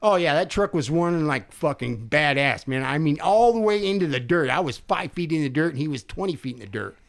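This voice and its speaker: Older guy on a podcast, swearing a lot, voice sits a bit high, acts out what people said. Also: fairly quick. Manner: profane, animated storyteller acting out quotes. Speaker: podcast host telling a story. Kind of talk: casual storytelling chat.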